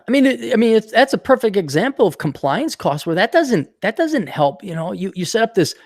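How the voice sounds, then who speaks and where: A man hosting a casual podcast chat, ranting with lots of swearing and animated storytelling. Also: high-pitched, no room sound, clean studio sound. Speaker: podcast host.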